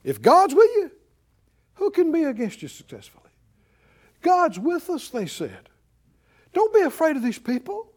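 A middle-aged man teaching a sermon, animated, acting out little voices and swinging between loud and soft. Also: very high voice, unhurried, pauses often. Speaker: Bible teacher.

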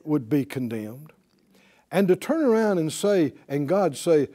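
Lively high-voiced male preacher. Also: measured pace. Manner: emphatic, asks the congregation questions. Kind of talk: sermon.

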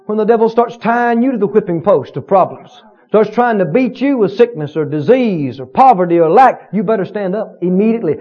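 A man preaching a fervent sermon, repeating short phrases and building to shouts before dropping low. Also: lively intonation, brisk, few pauses, highs cut off.

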